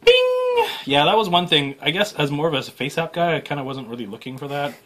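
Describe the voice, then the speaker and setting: A man hosting a toy review, chatting casually and joking through an unboxing. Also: fairly high pitch. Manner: joking, rambling, quick asides. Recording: loud background noise.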